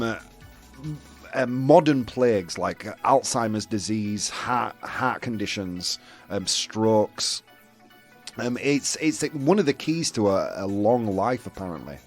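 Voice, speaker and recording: A young man from the UK hosting a casual chat show, rambling with lots of fillers and restarts. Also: medium pitch. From United Kingdom. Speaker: host.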